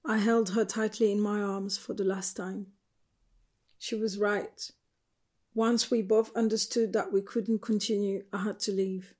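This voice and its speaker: A woman narrating a novel in the first person, quiet, measured and sorrowful. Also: medium pitch, flat delivery. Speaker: audiobook narrator.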